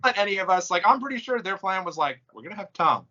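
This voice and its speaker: Animated storytelling man, bright lo-fi voice. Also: high-pitched, fast talker, a little hiss or hum. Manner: animated storyteller, laughs often, acts out quoted lines. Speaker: podcast host. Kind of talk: casual chat. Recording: dull lo-fi sound.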